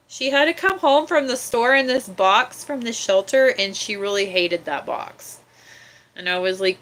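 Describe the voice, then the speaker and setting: A young woman chatting casually on her livestream, often cooing at her cat in a soft baby-talk voice. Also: mid-range voice, animated, unhurried. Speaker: livestream host.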